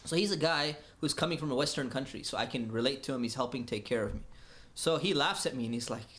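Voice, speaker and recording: A man from the United States telling a story in a casual, animated way, laughing often and acting out the dialogue. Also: mid-range voice, brisk.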